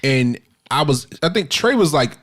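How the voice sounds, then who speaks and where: A man, co-hosting a podcast in casual chat, telling stories with halting restarts and laughing as he goes. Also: on the high side, sing-song, fairly bright tone, breathy edge. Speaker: podcast co-host.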